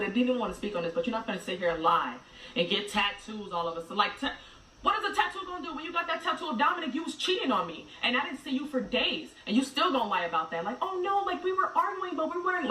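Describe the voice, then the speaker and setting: A woman telling a personal story in a blunt, direct way, going from loud to hushed. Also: medium pitch, expressive, very fast, echoey room, distant mic, low-quality recording. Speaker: vlogger telling her story. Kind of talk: emotional storytelling.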